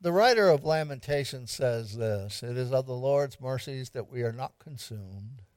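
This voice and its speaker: A man's voice: medium pitch, animated, normal speed, darkish tone, dry recording, clean studio sound. A man pastor giving an interactive evening sermon, quizzing the congregation and repeating lines for emphasis with light humor.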